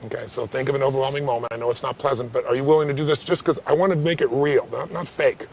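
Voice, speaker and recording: A man coaching someone live on stage, talking fast and pushing with direct, probing questions. His voice sits at a middle pitch, with faint noise behind it. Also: steady tone, a little mellow. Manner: intense, direct, coaxing questions.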